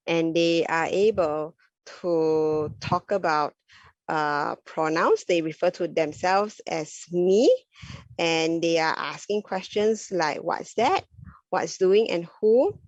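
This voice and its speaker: A woman speech therapist with a slightly low voice gives an educational talk. She explains patiently and keeps checking in with her listeners. The recording is dull and lo-fi, with a dry, close sound. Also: dry recording. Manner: explanatory, often checks in with "okay?" and "all right?".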